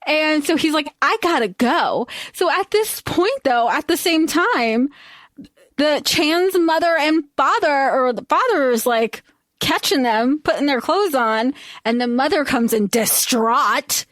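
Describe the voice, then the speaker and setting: A woman with a bright, high voice retells a film plot for a podcast in a loose, casual chat. She slips into little character voices and swears offhandedly. The sound is close and dry. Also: dry recording. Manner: animated, acts out characters' lines in quick voices, swears casually. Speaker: podcast co-host.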